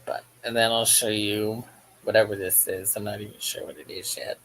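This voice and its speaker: A man's voice: on the low side, level tone, normal speed, a bit bright, rough recording. A man hosting a crochet livestream, chatting casually and jokily while reading the live chat aloud as he works.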